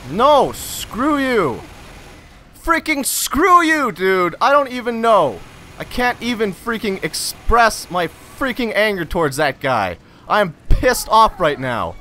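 Gamer guy, very high and bright, drawn-out frustrated rants with sudden shouting, faint hiss behind. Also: very animated. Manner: frustrated, ranting, swings into loud shouts. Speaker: gamer recording gameplay commentary. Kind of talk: live gameplay commentary.

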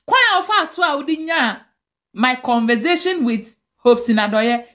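A woman's voice: sits high, expressive, unhurried, fairly bright tone. A Ghanaian woman with a Ghanaian accent, ranting angrily and scolding in a direct-to-camera video. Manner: angry, scolding rant mixing languages.

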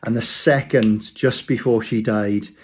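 A man's voice: on the low side, steady tone, unhurried, slightly rough. Man giving a chatty church talk. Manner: rambling and conversational, with restarts. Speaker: church speaker. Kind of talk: informal sermon.

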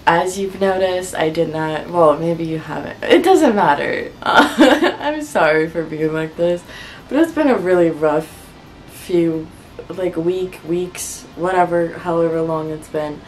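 A woman with a fairly low voice talks casually to camera about her crafts. She sounds unwell and worn out, rambling in a wry, frustrated way and laughing through her complaints. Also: lively intonation, slow, slight background noise. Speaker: clay crafting vlogger.

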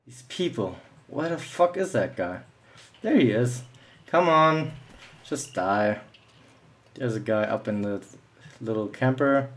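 Young guy cursing and ranting while he plays, mocking the campers, mid pitch voice. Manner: angry ranting, swearing often; mocking taunts at opponents. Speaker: gameplay commentator. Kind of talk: live gameplay commentary.

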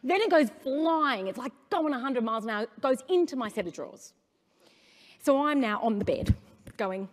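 A woman's voice: high-pitched, moderate pace. A middle-aged woman with an Australian accent gives a conference talk, telling stories with energy and asking the audience questions. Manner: animated storytelling, asks the audience questions. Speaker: conference speaker. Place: conference hall stage. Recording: long hall reverb.

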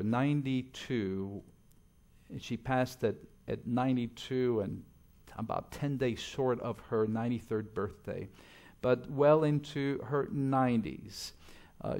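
A middle-aged man preaching in a church, telling stories and swinging between loud emphatic lines and quiet asides. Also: medium pitch. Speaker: pastor. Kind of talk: sermon.

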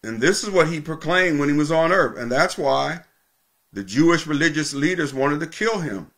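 A male pastor preaching a sermon, teaching with emphatic repetition and slowing down to stress key points. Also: on the high side, animated, a bit bright.

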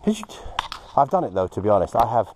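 A man chats outdoors at a quarry, so worked up that his voice keeps dropping into breathy, gasping whispers. His pitch sits mid-range for a man, and a faint hiss lies beneath him. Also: very animated, fast. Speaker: host, moldavite hunter. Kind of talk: casual vlog chat.

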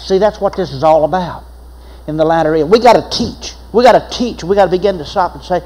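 A man's voice: sits high, quick pace, darkish tone, rough recording. An older man, preaching a sermon as pastor, telling folksy stories with laughs and repeated phrases.

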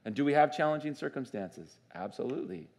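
A man preaching a sermon as pastor in a church, conversational and animated, often asking the congregation questions. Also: mid-range voice, fast. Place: church sanctuary.

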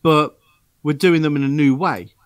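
A man's voice: on the high side, steady tone, moderate pace, no echo. A man hosting a podcast in casual chat, full of upbeat banter, laughs and stammered restarts. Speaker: podcast host.

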